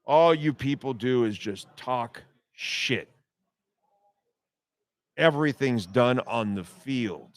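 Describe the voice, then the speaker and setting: A man's voice: medium pitch, animated, slow, long pauses, no room sound. A man hosting a sports radio show, ranting bluntly and profanely in a heated, repetitive monologue.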